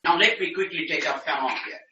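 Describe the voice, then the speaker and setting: A man's voice: fairly high pitch, fast talker, sharp tone, dull audio. A man giving an academic lecture as a professor. He speaks emphatically, in dense scholarly phrasing with frequent restarts. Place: lecture room. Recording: roomy, distant mic in a lecture room.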